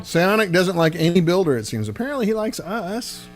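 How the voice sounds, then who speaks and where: A man's voice: high voice, a little fast. A man hosting a casual livestream, chatting loosely with viewers and using many filler words. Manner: relaxed, rambling, answers chat with filler words. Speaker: livestream host and amp builder. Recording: loud guitar amp playing behind. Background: electric guitar through amp.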